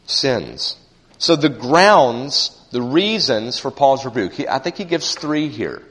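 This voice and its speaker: A man's voice: medium pitch, fairly bright tone. Man preaching in a reverberant church. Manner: earnest, emphatic preaching with repeated phrases and restarts. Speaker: pastor. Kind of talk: sermon. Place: church sanctuary. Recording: church sanctuary with long reverb.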